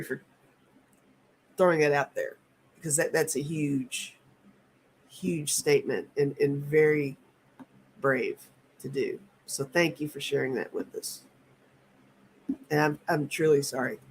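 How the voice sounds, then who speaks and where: A woman in her fifties hosting a live tarot stream, talking in a halting, earnest way and reading viewer comments aloud. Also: low-pitched, a bit bright, a little hiss or hum. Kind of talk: casual live-stream chat.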